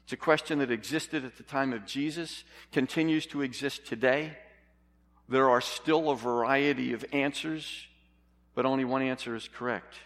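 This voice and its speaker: A man's voice: mid-range voice, a bit bright, in a large hall. A man preaching a sermon in an earnest, emphatic way, putting questions to his congregation.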